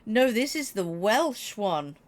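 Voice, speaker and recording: A chatty woman streams live and chats casually with her viewers. She talks in an animated way, laughs easily and addresses people in chat directly, at a pitch typical for a woman. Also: slow pace. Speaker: Twitch streamer.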